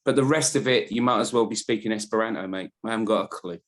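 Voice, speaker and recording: A man's voice: on the low side, quick pace. A man in casual podcast chat, telling rambling, self-deprecating stories as a panelist.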